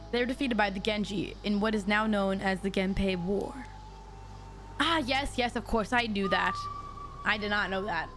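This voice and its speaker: A woman streaming a mystery game, reading the dialogue aloud and breaking off into excitable, jokey asides to her chat. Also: medium pitch. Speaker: VTuber streamer.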